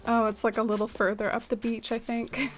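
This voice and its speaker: A woman's voice: fairly high pitch, little pitch movement, fairly quick, slight background noise. A young woman streaming a game and chatting casually with viewers, filling her talk with "like" and "um" and laughing often. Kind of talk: casual gameplay chat with viewers.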